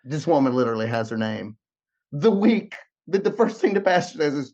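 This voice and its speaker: Animated man telling a story. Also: a little high, normal speed, breathy edge, lo-fi sound. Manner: emotional, repeats and restarts words often. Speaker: podcast guest. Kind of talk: animated storytelling with re-enacted dialogue.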